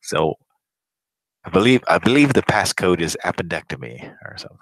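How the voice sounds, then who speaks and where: A man's voice: deep voice, very animated, normal speed, a bit bright, no room sound, rough recording. A young man hosting a live prank call show, rambling in casual, profane banter and laughing often.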